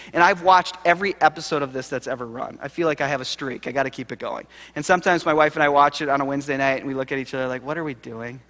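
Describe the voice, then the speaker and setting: A man speaks from a lecture hall stage, his voice sitting a little high and ringing with long reverb. He tells stories in a lively, conversational way and acts out the quoted people. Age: late 30s. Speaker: keynote speaker, seminary professor. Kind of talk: conference keynote talk. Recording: live hall recording with reverb.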